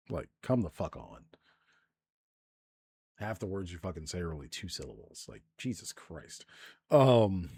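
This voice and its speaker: A man's voice: low-pitched, slightly rough, no room sound. A man hosting a live stream, ranting in profane commentary with lots of restarts and filler. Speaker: streamer host.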